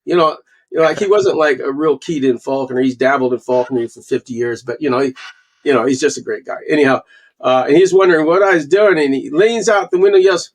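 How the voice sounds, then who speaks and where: A man in his sixties from Canada, a guest falconer telling animated stories in a casual interview and acting out the quotes. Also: a little high, quick pace. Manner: animated storyteller, acts out quotes.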